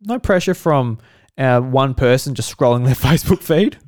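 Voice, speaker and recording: Lively, laughing man hosting. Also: mid-range voice, normal speed. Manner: laughing, swearing, joking. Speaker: podcast host. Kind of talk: casual podcast banter.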